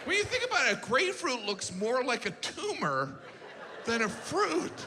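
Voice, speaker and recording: Deadpan, self-deprecating middle-aged man. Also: extremely high pitch, moderate pace, a crowd in the background, background noise. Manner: deadpan, self-deprecating, dips into character voices. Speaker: stand-up comedian. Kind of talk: stand-up comedy set. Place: comedy theater stage. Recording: long hall reverb, loud ambience.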